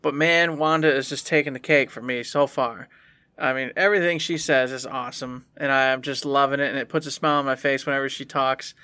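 A man's voice: medium pitch, fairly even intonation, a little fast, bright, forceful tone, smooth, no echo. A man co-hosting a casual gaming podcast, easygoing and enthusiastic. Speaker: podcast co-host.

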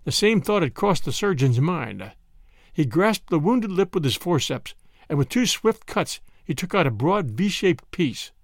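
A man reading a story aloud in an expressive, dramatic way. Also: on the high side, a little slow, vocal fry, dry recording, clean studio sound. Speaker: narrator. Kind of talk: scripted story narration.

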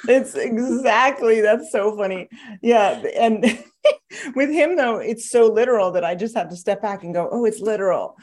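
A woman who is an author appears as a podcast guest, chatting casually in a slightly high voice at a moderate pace. She's a lively storyteller, laughing often throughout the interview.

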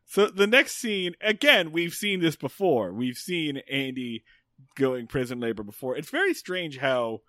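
A man with a bright, fairly high voice and a very lively pitch recaps a TV episode as a podcast co-host. He jokes along and slips into voices for the characters. The sound is dry and close to the mic. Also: measured pace, no room sound. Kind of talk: casual chat recapping a TV episode.

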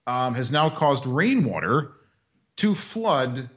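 A man's voice: mid-range voice, big pitch swings, slow pace, fairly bright tone, husky, dull audio. A man co-hosting a casual podcast, telling a news story with mocking sarcasm. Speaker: podcast co-host. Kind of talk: casual chat.

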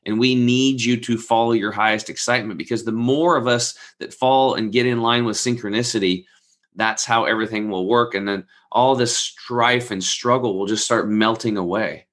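A man in his forties with a bright, forceful tone tells a rambling personal story in a casual chat. He animates it by acting out the people he quotes, and drops casual swearing along the way. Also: medium pitch, fairly even intonation, moderate pace. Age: 40s. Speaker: guest telling a story.

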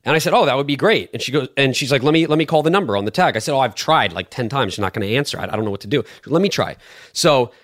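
Animated young man telling a story. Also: medium pitch, rapid-fire. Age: 20s. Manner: animated, defensive, swears a lot. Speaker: podcast guest and clip shooter. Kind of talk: casual chat, storytelling.

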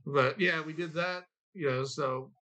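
A man's voice: a little high, a little slow, pushed and bright. A man co-running a toy shop, easygoing and chuckling as he lists where to find them. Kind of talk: casual interview chat. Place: in a toy store.

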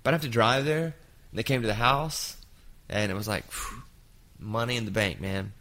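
A man in his fifties hosting a casual chat, telling an anecdote with lively jumps into quoted voices. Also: lowish voice, moderate pace, a little hiss or hum. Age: 50s.

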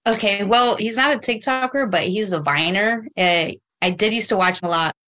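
A woman contestant telling an animated story, acting out quotes along the way. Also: mid-range voice, a little fast.

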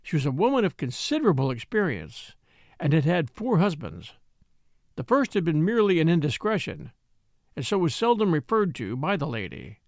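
A man narrating a novel as an audiobook reader, in an expressive storytelling manner. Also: a little high, normal speed, no room sound, studio quality. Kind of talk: scripted narration.

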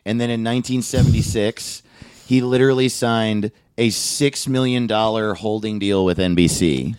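A man's voice: on the low side, moderate pace, darkish tone, clear, resonant tone, dry recording, studio quality. A man casually telling a story on a podcast, laughing often. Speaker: podcast co-host. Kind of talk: casual chat.

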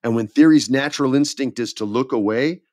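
A middle-aged man co-hosting a podcast, telling stories with excitement and casual slang. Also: mid-range voice, a little fast, no room sound, studio quality. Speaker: podcast co-host. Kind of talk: casual wrestling chat.

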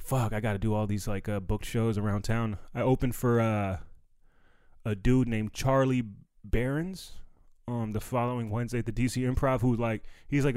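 A man's voice: mid-range voice, a little mellow, no room sound. A young man, a comedian recovering from bronchitis, talking casually and loosely on a solo podcast with slangy filler-heavy speech. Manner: loose slangy street talk, lots of fillers and "you know what I mean". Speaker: stand-up comedian and podcast host.

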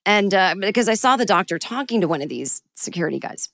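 Animated woman telling a personal story. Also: mid-range voice, fast, creaky, hardly any pauses, no room sound, clean studio sound. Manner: animated, self-mocking, acts out quotes. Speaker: storyteller guest.

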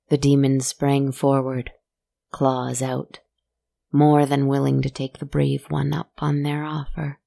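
A woman telling a spooky story in a soft, hushed, scripted narration that sometimes sinks into a whisper. Her voice is low, husky and gravelly with heavy vocal fry, mellow in tone, and she takes her time. The recording is close and dry. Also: no room sound. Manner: soft, slow and hushed, dropping at times to a whisper.

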